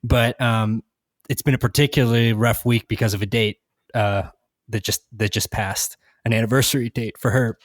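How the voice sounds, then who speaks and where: A man's voice: fairly low pitch, fairly even intonation, normal speed, no echo. Rambling male podcast host, dry sound. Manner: rambling, many restarts and fillers. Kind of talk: casual chat.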